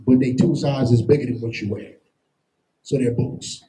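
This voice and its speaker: A man's voice: mid-range voice, fairly even intonation, normal speed, dark tone, poor audio. A man teaching a Bible lesson in plain street talk, emphatic and constantly checking in with "you understand?". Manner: explains with everyday comparisons and slang. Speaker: scripture teacher.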